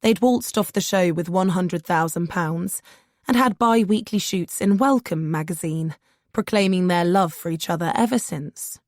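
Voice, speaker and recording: A woman's voice: on the low side, moderate pace, no echo, clean studio sound. A woman narrating a first-person audiobook in a nervous, self-deprecating voice.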